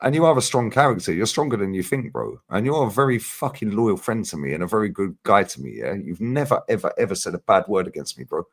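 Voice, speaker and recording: A man's voice: lowish voice, fast, hardly any pauses. Swearing man saying bro a lot. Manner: animated, swearing, says "bro" and "yeah" a lot. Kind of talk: casual chat.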